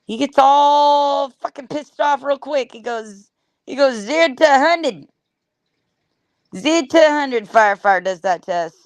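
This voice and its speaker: A woman chatting casually on a livestream, animated and swearing freely as she talks back to her chat. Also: high-pitched, a little slow, no room sound. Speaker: livestream host.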